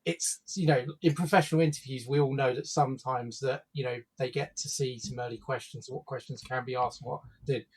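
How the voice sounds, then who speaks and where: A man's voice: mid-range voice, steady tone, a little fast, few pauses, slightly rough, rough recording. Man, stream co-host, casual rambling chat full of fillers and restarts.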